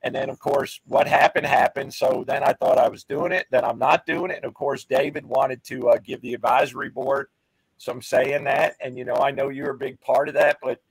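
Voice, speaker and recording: Gravelly, husky man, earnest. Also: mid-range voice, steady tone, fairly quick, no echo, low-quality recording. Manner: earnest, humble. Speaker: firefighter and keynote speaker. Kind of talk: casual chat.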